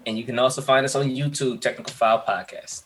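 A man's voice: mid-range voice, steady tone, fast, a bit bright, slight background noise. A man co-hosting a podcast, joking and teasing his co-hosts in casual banter. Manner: joking, hypes and teases. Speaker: podcast co-host.

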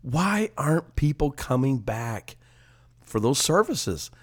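An older man co-hosting a ministry podcast as an evangelist, talking casually, posing animated rhetorical questions with a slightly congested nose. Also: mid-range voice, takes it slowly. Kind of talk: casual chat.

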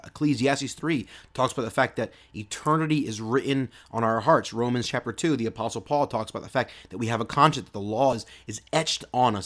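A man preaching a sermon in an earnest way, often repeating words and restarting phrases. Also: medium pitch.

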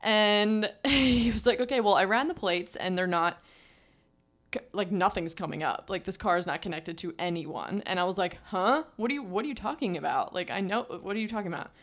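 A woman's voice: medium pitch, a little fast. A young woman co-hosting a podcast, telling a story in casual chat, full of "like" fillers. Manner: chatty storytelling with many "like" fillers. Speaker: podcast co-host.

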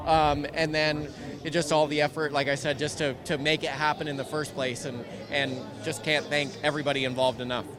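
Halting racing driver over crowd noise. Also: male voice, a little high. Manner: halting, with many repeated words. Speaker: race driver and team manager. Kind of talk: pit lane interview. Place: on a crowded racing grid outdoors. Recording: loud crowd behind.

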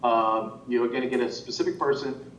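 In a roomy, muffled recording made off-mic at a distance, a faint rumble sits behind a man's fairly bright voice. He's an animation director speaking at a moderate pace, casually rambling in an interview with lots of fillers and restarts.

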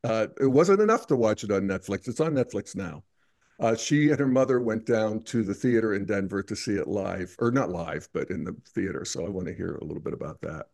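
A man's voice: on the low side, expressive, brisk, gravelly, a little mellow. Rambling man hosting a film chat. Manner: rambling, hesitant, many restarts. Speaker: podcast host. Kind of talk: casual film discussion.

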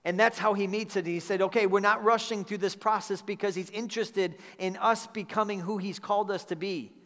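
A man's voice: high voice, fairly even intonation, fairly quick, fairly bright tone. A man preaching a sermon to a church congregation in an earnest, conversational manner, often repeating his phrases. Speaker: pastor. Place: church sanctuary. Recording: long hall reverb.

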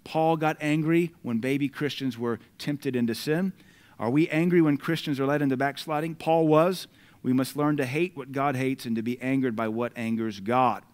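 At a moderate pace, a male American preacher with a middle-pitched voice delivers his sermon. He booms out scripture in emphatic bursts and, between readings, talks to the congregation in a relaxed, conversational way.

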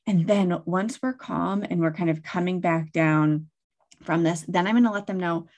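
Thirties woman, slightly low pitch, casual animated guest expert. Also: normal speed. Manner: animated, acts out quoted lines to kids. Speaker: guest expert on child coping. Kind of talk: casual conversational explaining.

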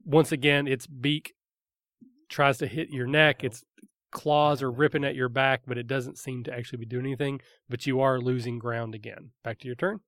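A man's voice: mid-range voice, fairly even intonation, normal speed, fairly bright tone, dry recording. Man narrating as game master, dry sound. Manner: vivid descriptive narration with fillers.

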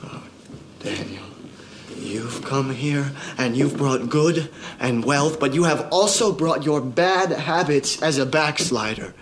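An actor playing a zealous young preacher. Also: male voice, medium pitch, takes it slowly, a little hiss or hum, lightly acted. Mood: stern. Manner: commanding, rising to shouts. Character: fervent young male preacher, zealous and domineering. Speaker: preacher in a film clip.

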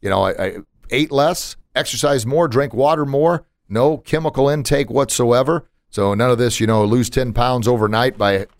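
A man's voice: mid-range voice, moderate pace, dry recording, studio quality. A man hosting a podcast in casual chat, emphatic and motivational, with punchy asides. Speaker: podcast host.

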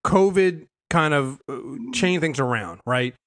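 A young man hosts a casual recap chat about a TV episode, his voice a bit higher than most men's. He rambles with plenty of ums and restarts and keeps his delivery lively and animated. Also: measured pace. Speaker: podcast host.

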